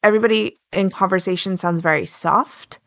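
A woman's voice: mid-range voice, a little fast. An American woman from Alaska with a Pacific Northwest accent, chatting casually on a podcast and telling a story in a talkative way. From Alaska, United States. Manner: talkative, storytelling, says she is loud. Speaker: podcast co-host. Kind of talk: casual chat.

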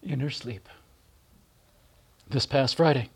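A middle-aged man gently and warmly telling personal stories in a remembrance talk, with soft pauses. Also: medium pitch, husky. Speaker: speaker giving a spiritual reflection.

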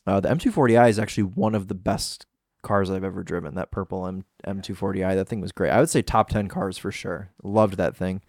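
A man's voice: sits low, a little fast, dry recording, clean studio sound. A man co-hosting a podcast, chatting casually about cars and reading listener comments aloud. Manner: relaxed, agreeable, reads listener comments aloud. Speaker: podcast co-host.

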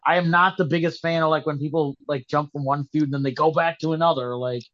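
A man with a slightly high voice co-hosts a casual wrestling podcast, rambling and often restarting his thoughts. He sounds skeptical as he talks things through. The audio is dull and lo-fi. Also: steady tone, fast, a bit bright. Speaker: podcast co-host.

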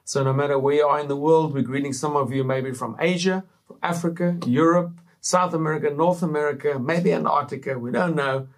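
A man's voice: a little high, steady tone, brisk, few pauses. Upbeat preacherly male talk-show host. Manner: upbeat, preacherly, with frequent fillers. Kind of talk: casual faith talk to camera.

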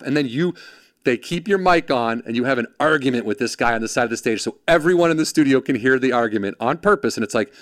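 A man's voice: a little high, animated, fast, dry recording, studio quality. A man telling a story in casual chat, acting out quoted voices, swearing freely and jumping between characters. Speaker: podcast guest, former production assistant.

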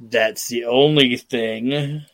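A man's voice: mid-range voice, very slow, dry recording. Man, podcast host, casual swearing chat, acts out quotes, dry close sound. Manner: excited, profane storytelling with acted-out quotes.

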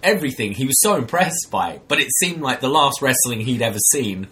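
A man co-hosting a casual podcast, an animated storyteller who acts out quoted people in high voices. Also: fairly quick. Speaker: co-host, bartender.

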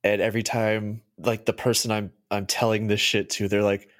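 A young man in casual podcast chat, laid-back, full of fillers and quick to laugh. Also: fairly low pitch, level tone. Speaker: podcast co-host.

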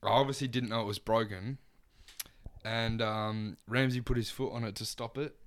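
A man's voice: on the low side, fairly even intonation, moderate pace. A young man telling a wild story among friends, swearing constantly and laughing as he goes. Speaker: podcast guest. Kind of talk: casual storytelling.

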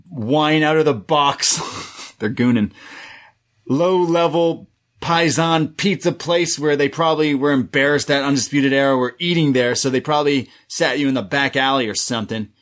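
A man's voice: on the high side, a little slow. A man co-hosting a wrestling review podcast, chatting casually and slipping into exaggerated impressions of wrestlers' promos. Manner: animated, mimics wrestlers' promos in exaggerated voices.

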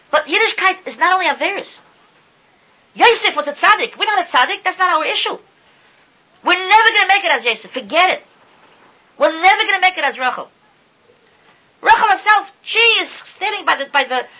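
A man's voice: very high voice, bright, forceful tone, low-quality recording. A man giving an impassioned sermon, often stumbling over and repeating his words as he talks. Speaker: Torah speaker. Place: lives in Israel.

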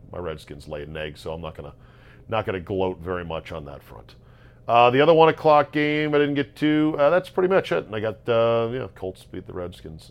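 Sarcastic man ranting about football. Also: lowish voice. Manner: sarcastic, ranting, swings between loud and muttering. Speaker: sports podcast host. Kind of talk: casual solo sports commentary.

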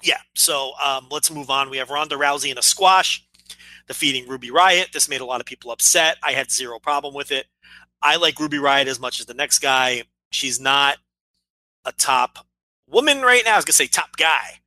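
Bright-voiced man, wry podcast co-host. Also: mid-range voice, expressive, normal speed, dry recording, low-quality recording. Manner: wry, exasperated storytelling. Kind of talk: casual podcast chat.

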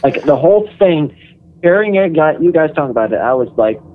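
A man's voice: a little high, big pitch swings, a little fast. A man calling in to a podcast, stumbling and repeating words as he speaks. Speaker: caller. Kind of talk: casual call-in chat. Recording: tinny phone line.

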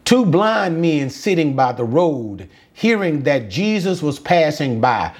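Animated preacher man, slow deliberate delivery. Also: on the high side. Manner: impassioned preaching with repetitions and drawn-out emphasis. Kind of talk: sermon.

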